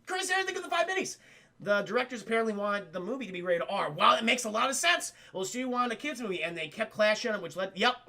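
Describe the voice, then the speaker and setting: A man recapping a film for his stream chat, excitable, swearing constantly and acting out the scenes. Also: sits high, quick pace, gravelly, hardly any pauses.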